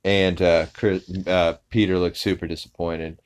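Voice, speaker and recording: A man's voice: low-pitched, fairly even intonation, unhurried, hardly any pauses, smooth. A man hosting a podcast, casually recapping an episode in a rambling way full of fillers and restarts. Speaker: podcast host.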